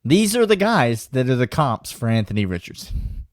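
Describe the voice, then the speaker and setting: A man's voice: medium pitch, sing-song, normal speed, dry recording, studio quality. A man co-hosting a sports podcast, sarcastic and mock-serious. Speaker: podcast co-host. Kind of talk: casual sports chat.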